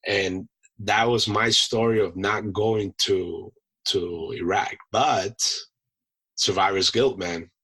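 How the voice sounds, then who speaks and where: A man, a Marine veteran and chef, telling animated stories in a casual podcast interview, often dropping "man" and "you know". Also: lowish voice, takes it slowly, breathy edge, poor audio.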